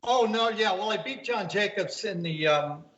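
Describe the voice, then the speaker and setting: An older man who works as a golf commentator rambles through anecdotes in a casual video-call interview from home, acting out the voices he quotes. His voice is high and a bit bright at a normal speed, and the call audio sounds roomy and dull.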